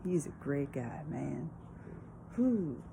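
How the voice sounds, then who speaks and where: Lady vlogger w a low voice just rambling spiritual stuff into her phone, traffic noise behind. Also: animated, slow, gravelly. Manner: meandering, spiritual musing with many fillers. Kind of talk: rambling casual vlog.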